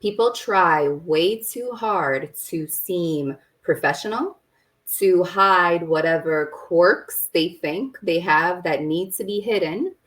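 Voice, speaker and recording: A woman who is a podcast guest and business owner, giving advice in a firm, deliberate way and stressing her key points. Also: fairly low pitch, fairly bright tone, low-quality recording. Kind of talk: conversational podcast interview.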